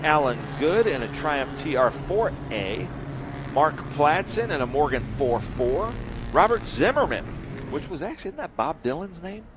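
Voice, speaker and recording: A man's voice: a little high, very animated, normal speed, music in the background. A man doing live race commentary, joking around and reeling off long lists of drivers and cars.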